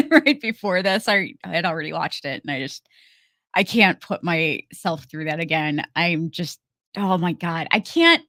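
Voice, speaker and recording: Woman streamer, chatty and filler-heavy, unhurried, dry voice. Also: lowish voice, a bit bright, no room sound. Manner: chatty, greets viewers by name, many fillers. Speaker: livestream host. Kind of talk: casual live-stream chat.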